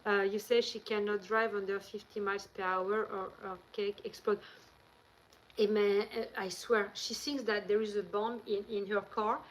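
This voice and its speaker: A woman's voice: mid-range voice, flat delivery, normal speed, rough recording. A woman from France with a French accent, hosting a live stream and telling rambling, chatty stories into her handheld phone. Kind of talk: casual live-stream chat.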